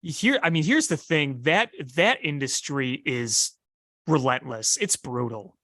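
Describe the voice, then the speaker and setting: A man's voice: a little high, expressive, a little slow, bright, forceful tone, dry recording, clean studio sound. A man co-hosting a sports podcast in casual chat, emphatic and opinionated.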